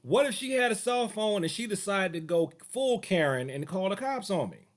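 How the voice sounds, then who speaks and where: A man recounting a past run-in, his pitch sitting fairly high and swinging widely as he talks. He slips into the voices of the other people in the story. Casual, expressive storytelling to camera. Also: normal speed. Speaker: martial arts teacher.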